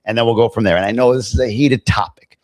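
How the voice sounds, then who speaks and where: A man's voice: mid-range voice, fast, darkish tone, dry recording, studio quality. A middle-aged man hosting a casual live stream, chatting loosely, reading out viewer comments and tossing in jokey asides. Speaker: livestream host.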